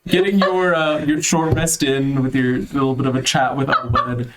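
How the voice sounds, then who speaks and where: A man narrating a tabletop game as its game master, relaxed and loose, with plenty of ums and uhs. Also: medium pitch, normal speed, noisy background.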